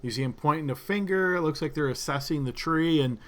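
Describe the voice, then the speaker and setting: A man narrating a tabletop game as game master, describing scenes with frequent halting fillers. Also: a little high, fairly bright tone.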